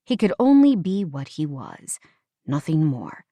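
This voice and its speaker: A woman narrating an audiobook in a measured, expressive read. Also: sits low, no echo. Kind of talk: scripted narration.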